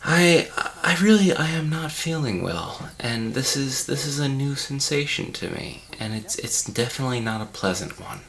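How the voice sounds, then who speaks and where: A self-important male art-film director, queasy and dizzy, rambling through a comedy commentary track in a bright, forceful voice, as a man puts him on. He drifts between panic and grandeur. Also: mid-range voice, lively intonation, moderate pace, creaky, few pauses, voice pushed up. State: unwell and dizzy.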